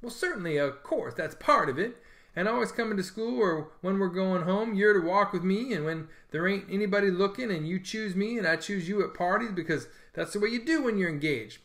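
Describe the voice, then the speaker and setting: An eager, bragging young schoolboy, as a male reader plays him, with a slightly raised voice. He wheedles and boasts in a lively storybook reading. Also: high voice, a little fast, voice pushed up.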